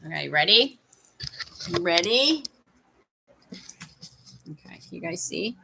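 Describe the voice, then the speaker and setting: A woman's voice: fairly low pitch, very animated, slow, creaky, noisy background. A Canadian woman casually chatting with viewers on a livestream at home, laughing and fussing over her dog. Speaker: livestream host.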